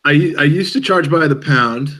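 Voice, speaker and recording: A man hosting a podcast in casual chat, talking in a halting, joking way with many fillers and restarts. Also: a little high, pushed and bright. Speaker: podcast host.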